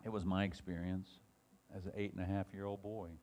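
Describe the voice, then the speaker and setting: Male Bible teacher, lower register, casual classroom delivery, reads passages then chats through them with stumbles. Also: flat delivery, a little fast, mellow. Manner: reads scripture aloud with rising emphasis, then talks it over with many restarts.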